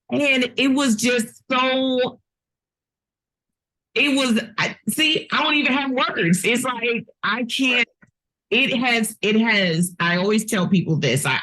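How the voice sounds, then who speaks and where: A woman hosting a casual interview, effusive and chatty with quick backchannels. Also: on the high side, a bit bright, poor audio. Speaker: podcast host, interviewer.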